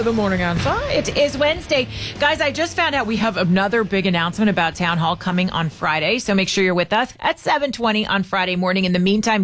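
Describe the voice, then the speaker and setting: A woman's voice: a little high, fairly bright tone. A woman hosting a morning radio talk show, chatty and self-deprecating, laughing easily.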